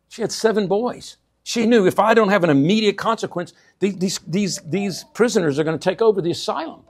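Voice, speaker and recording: A man preaching a sermon, calling out "amen?" to his church and swinging between hushed asides and loud emphatic bursts. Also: sits high, fairly quick, hardly any pauses, slightly rough. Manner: call-and-response, repeats 'amen?' to the congregation. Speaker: pastor.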